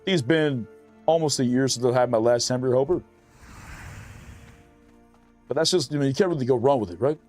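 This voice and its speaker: A man's voice: mid-range voice, a little fast, pauses often, darkish tone, faint music behind. A man streaming a game, chatting casually and profanely while reading his chat aloud.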